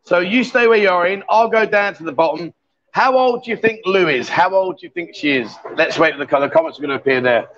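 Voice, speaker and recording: A man's voice: high-pitched, fast talker, fairly bright tone. A man hosting a live stream from a bar, bantering and teasing his guests in a jokey, chatty way. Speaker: livestream host. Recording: dull lo-fi stream audio.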